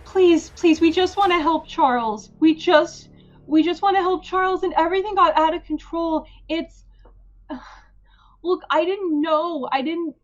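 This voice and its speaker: A woman's voice: very high-pitched, measured pace, muffled recording, pitched above the performer's own voice. A woman voicing a frightened young woman who pleads breathlessly for help in a tabletop game. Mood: desperate pleading.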